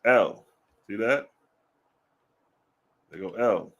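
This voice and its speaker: A man giving casual religious commentary, blunt and profane, firing off rhetorical questions and slowing down to read scripture aloud. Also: fairly low pitch, a bit bright. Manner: reads scripture slowly and deliberately.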